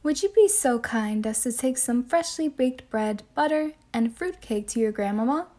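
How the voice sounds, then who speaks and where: A woman voicing a gentle, formally spoken mother in a bedtime storybook reading. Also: a little high, lively intonation, normal speed. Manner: formal, kindly.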